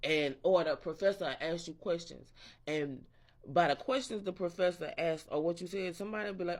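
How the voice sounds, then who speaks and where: A man's voice: a little high, moderate pace. A man in a casual morning-rant vlog, rambling and profane and interrupting himself as he talks. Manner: quotes imagined people in a raised voice. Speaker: vlogger.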